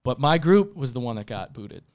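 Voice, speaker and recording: A man of Greek heritage chatting casually as a guest, earnest, with halting restarts. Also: medium pitch, sing-song, clear, resonant tone. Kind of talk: casual chat, telling a story.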